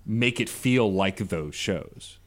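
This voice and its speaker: A man with a fairly low voice speaks on a laid-back podcast. He thinks out loud, piles on fillers and restarts, and builds his points slowly. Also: animated. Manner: thoughtful, rambling, lots of fillers. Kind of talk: casual chat.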